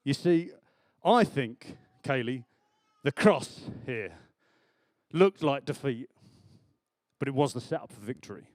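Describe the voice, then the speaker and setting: A man preaching a sermon in church, chatty and animated, laughing often. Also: medium pitch, a little slow, long pauses, dry recording.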